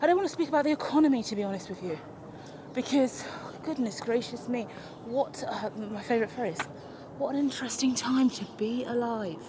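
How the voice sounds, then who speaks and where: A woman's voice: on the high side, brisk, noisy background. Brief: woman, walk-and-talk vlogger, chatty and self-mocking, recorded outdoors on a handheld camera. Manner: rambling, animated and self-mocking. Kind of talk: unscripted walk-and-talk vlog. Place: outdoors in a park or woodland. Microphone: handheld camera while walking.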